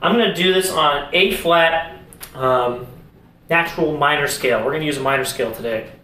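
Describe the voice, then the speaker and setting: A young man talks through a casual music lesson to his camera, relaxed and explaining as he goes. His voice sits a little high. The room around him is echoey. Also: moderate pace, a little hiss or hum. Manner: relaxed, explains while demonstrating on an instrument. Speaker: music teacher.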